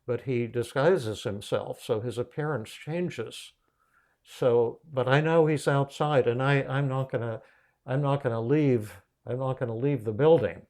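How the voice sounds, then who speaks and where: A man's voice: mid-range voice, a little slow, a little mellow, close to an everyday voice. A man voicing a frightened elderly woman who refuses to leave her apartment, with a stubborn, fearful way of talking.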